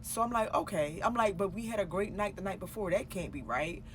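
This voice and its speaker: Woman vlogger, casual storytime delivery, profane, conversational, mid pitch. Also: lively intonation, brisk, slight background noise. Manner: chatty, swears freely, acts out her own past dialogue.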